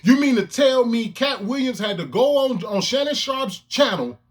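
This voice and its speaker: A man's voice: very high voice, animated, normal speed. A man ranting to his own camera in heated, profane commentary, with emphatic outbursts. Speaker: vlogger. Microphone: camera lens, self-recorded.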